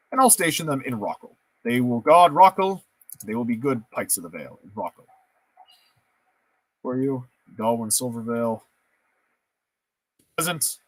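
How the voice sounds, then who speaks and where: A gameplay streamer gives casual let's-play commentary on a strategy game, thinking aloud as he makes choices and playfully joking at his own expense. His mid-range voice has a breathy edge, and there's no room sound.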